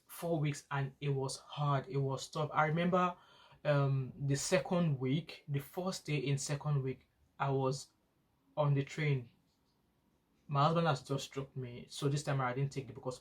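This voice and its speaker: A woman, a student nurse and mother, telling a long personal story in a casual vlog, rambling and often restarting her sentences. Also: extremely low pitch. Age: adult parent of school-age children. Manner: rambling, frequent restarts and repetition.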